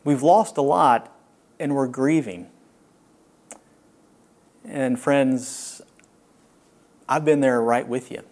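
A man preaching a sermon as a pastor, earnest and reflective, with long pauses. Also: mid-range voice, darkish tone.

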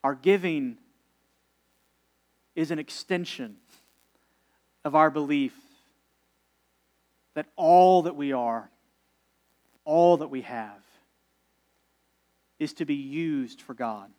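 The voice belongs to a pastor, a man whose pitch is fairly high, giving a sermon. He keeps things relaxed and talky with the congregation, dropping in ums and taking slow, deliberate pauses on the words that matter.

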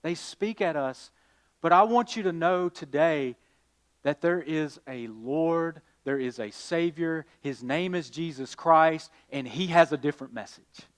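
Man, pastor, sermon, slow delivery, swings from loud to quiet. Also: a little high, clean tone. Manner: preaching, rising to emphatic calls then dropping quiet; addresses listeners as y'all.

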